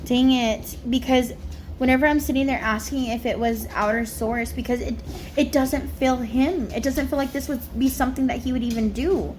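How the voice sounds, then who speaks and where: A woman's voice: high voice, normal speed, darkish tone, a little hiss or hum. A woman psychic medium giving a casual, rambling spirit reading on camera, full of fillers. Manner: chatty, rambling, many fillers.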